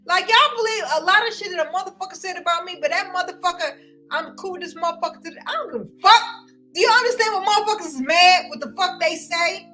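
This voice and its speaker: High, bright, heated woman ranting. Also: lively intonation, a little fast, faint music behind, poor audio. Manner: loud, heated and confrontational, with frequent cursing. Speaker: vlogger ranting to viewers. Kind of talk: profane livestream rant.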